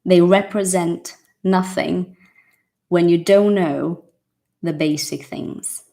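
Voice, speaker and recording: A woman's voice: on the low side, slow pace, gravelly, warm tone. A woman teaching an English lesson to her viewers in a casual, emphatic way, repeating key points and addressing them directly.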